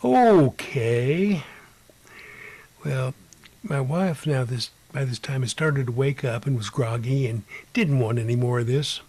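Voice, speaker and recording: A man telling his own ghost story in an unhurried way, sometimes dropping to a whisper and imitating beeping sounds. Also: medium pitch, fairly even intonation, husky. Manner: drops to a hushed whisper at times. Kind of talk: personal ghost story told aloud.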